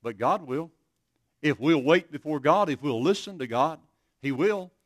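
A man's voice: a little high, animated, measured pace, dry recording. Earnest male preacher, dry sound. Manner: earnest, storytelling with many restarts. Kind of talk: sermon.

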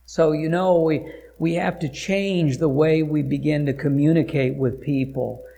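A male pastor preaches through a personal story, hesitating often and circling back over his words. His voice has a gravelly, creaky edge. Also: fairly high pitch, fairly even intonation, unhurried, mellow. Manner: hesitant, frequent filler sounds and restarts. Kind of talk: storytelling sermon.

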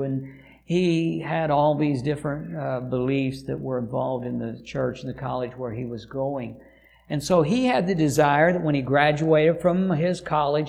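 A middle-aged missionary pastor to a deaf church gives a sermon testimony in a medium-pitched, creaky, slightly mellow male voice. He tells an earnest story haltingly, correcting himself mid-sentence.

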